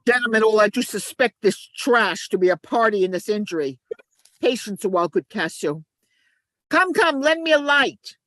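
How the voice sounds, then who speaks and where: A woman reading the part of a scheming male ensign in an amateur play reading, moving between urgent shouts and low asides. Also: animated, moderate pace, no room sound.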